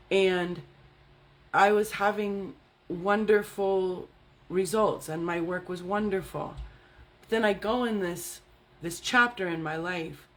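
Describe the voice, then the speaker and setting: A middle-aged woman, an energy healing and fitness coach, talking candidly and bluntly with plenty of swearing, often checking in with "right?" and "okay?". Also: on the low side. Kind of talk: candid casual monologue.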